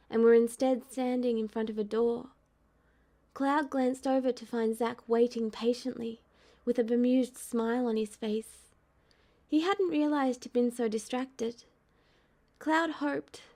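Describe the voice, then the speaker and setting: A woman narrates a story aloud in a calm, steady read. Her voice is mellow and warm, set a little high for a woman. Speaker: fan audiobook reader. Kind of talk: audiobook narration.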